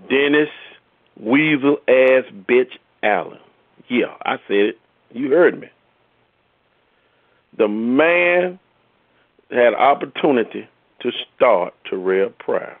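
A man's voice: mid-range voice, dry recording. Angry man ranting over a phone line. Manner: angry, profane, rising in heat. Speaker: fan caller. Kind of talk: ranting sports fan message. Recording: dry tinny phone-like line.

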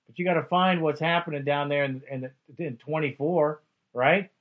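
A man's voice: a little high, fairly even intonation, normal speed, narrow, tinny audio. A man hosting a call-in radio show, upbeat and friendly, calling callers bro and man.

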